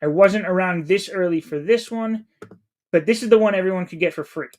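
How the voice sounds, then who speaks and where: Man in his thirties, game streamer, casual chat, reads out chat, slightly higher voice. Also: brisk, darkish tone. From New England, USA. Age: 30s. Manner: chatty, reads chat aloud while playing.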